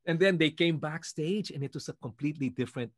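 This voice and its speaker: A man from the Philippines, a guest singer, telling stories in a lively way and acting out what others said. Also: a little high, quick pace, background noise. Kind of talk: animated storytelling.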